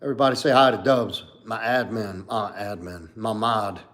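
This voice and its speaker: A man's voice: lowish voice, steady tone, moderate pace, fairly bright tone. A man in his forties hosting a casual livestream as a coach, answering viewer comments in a blunt, candid, profane way with lots of "like" and "you know". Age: 40s.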